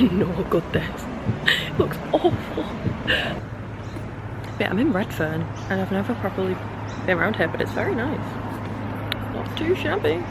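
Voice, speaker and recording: A woman's voice: medium pitch, big pitch swings, moderate pace, vocal fry, long pauses, heavy background noise. A young woman from Manchester with a Manchester accent, chatting in a rambling casual vlog full of "like" fillers. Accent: Northern English, Manchester. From Manchester, England. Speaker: vlogger. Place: outdoors walking around town, then a salon.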